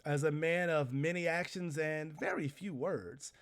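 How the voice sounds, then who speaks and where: A man voicing a flamboyant male city herald who announces news in a grandiose, booming style. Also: measured pace. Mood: showy.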